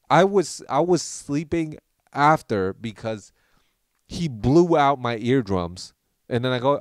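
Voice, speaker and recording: A young man, a podcast host, tells a rambling, animated story in casual chat and acts out what people said. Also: medium pitch, slow pace, dry recording, clean studio sound.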